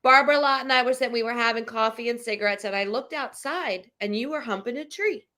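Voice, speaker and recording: A woman's voice: fairly high pitch, fast, pushed and bright. A woman in her fifties co-hosting a casual chat, earnestly telling self-deprecating stories. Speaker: podcast co-host.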